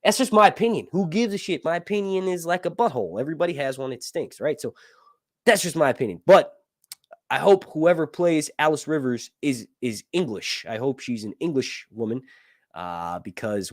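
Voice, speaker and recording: A man's voice: on the high side, dry recording, studio quality. A man from the United States giving casual, opinionated video commentary, ranting with frequent fillers and tag questions. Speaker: YouTube commentator.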